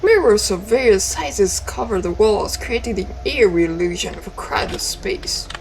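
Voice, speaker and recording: A woman's voice: mid-range voice, animated, measured pace, background noise. A woman, a native Italian speaker, playing a text game and reading its lines aloud with chatty, playful asides. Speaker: let's play streamer.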